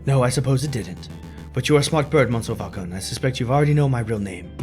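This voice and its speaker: A man voicing a smooth, scheming male bird prisoner who poses as a prince, theatrical with a put-on foreign lilt. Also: medium pitch, fast talker, darkish tone, faint music behind, lightly acted. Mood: storytelling.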